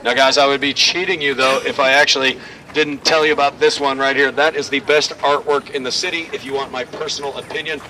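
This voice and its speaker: A man leading a walking tour outdoors, telling stories in a lively, joking way. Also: medium pitch, a little fast. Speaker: tour guide. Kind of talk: guided walking tour talk. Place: outdoors on a city street. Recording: distant outdoor mic, faint street noise.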